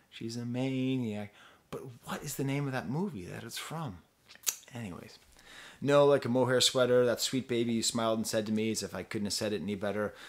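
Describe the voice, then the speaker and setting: A man casually reviewing an album, rambling, interrupting himself and trailing off as he thinks aloud. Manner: rambling, self-interrupting, sings snippets in falsetto. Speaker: music reviewer.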